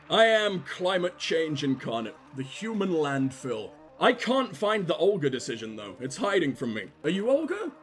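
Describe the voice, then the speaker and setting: A man's voice: sits high, a bit bright. A man giving crude, sardonic let's play commentary while he plays a game. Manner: sardonic, crude, rambling jokes. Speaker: gaming streamer.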